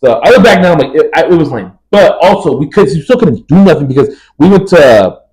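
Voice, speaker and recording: A young man in his twenties talks fast and keeps a casual, chatty flow as he co-hosts a podcast. He acts out his friends' lines while he tells stories. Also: a little high, poor audio. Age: 20s. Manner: animated storyteller acting out friends' lines. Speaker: podcast co-host. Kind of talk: casual chat.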